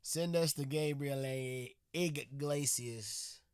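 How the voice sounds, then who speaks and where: A man hosting a casual reaction video, talking in excitable, laid-back slang. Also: medium pitch, slow pace, smooth, no room sound, clean studio sound. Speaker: reaction channel host.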